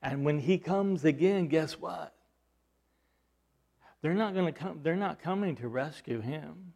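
A man preaching a sermon, asking the congregation rhetorical questions and swinging from loud emphasis to hushed, low delivery. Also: a little slow, vocal fry. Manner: repeats words and restarts, rhetorical questions. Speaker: pastor.

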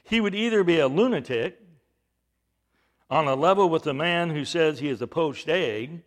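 A man preaching a sermon, emphatic, with rhetorical questions and swings between loud and hushed delivery. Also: a little high.

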